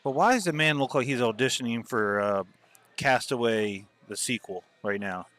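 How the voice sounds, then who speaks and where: A man's voice: mid-range voice, normal speed, a bit bright. A man doing casual live commentary on a pool match, joking around and laughing often.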